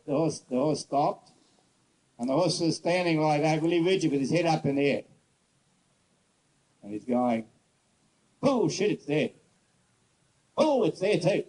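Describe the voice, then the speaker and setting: A man horse trainer giving a casual outdoor demonstration, telling stories bluntly and coaxing a horse softly. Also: fairly high pitch, low-quality recording. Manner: casual, rambling, blunt storyteller; soft coaxing talk to the horse. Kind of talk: demonstration lesson with storytelling.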